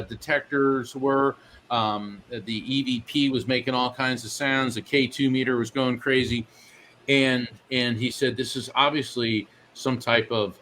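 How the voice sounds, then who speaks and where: A man's voice: mid-range voice, a bit bright. A man tells a story as an interview guest, with a mid-range voice. He acts out the voices of the people in his story. A faint noise sits behind him. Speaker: guest psychic medium.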